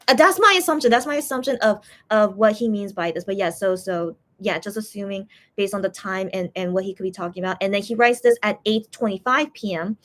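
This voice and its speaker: A young woman chatting casually on a live stream, reading viewer comments and translating messages with frequent pauses and restarts. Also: mid-range voice. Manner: hesitant, many restarts while translating.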